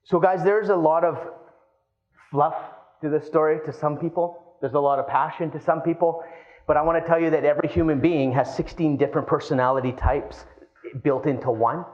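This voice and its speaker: A man giving a live keynote speech, telling a personal story with animated energy and calling the audience guys. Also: a little high, brisk, highs cut off. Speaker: keynote speaker.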